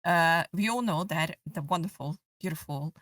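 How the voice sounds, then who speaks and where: A woman's voice: on the low side, moderate pace, fairly bright tone, dry recording, studio quality, far from the mic. A woman co-hosting a casual podcast, gushing as a fan with many fillers. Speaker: podcast co-host.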